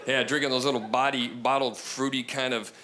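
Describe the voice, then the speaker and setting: A man's voice: medium pitch, fairly even intonation, fairly quick. A man doing a stand-up routine with mocking, crude banter. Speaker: stand-up comedian. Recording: live stand-up with loud crowd and noise. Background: audience laughter.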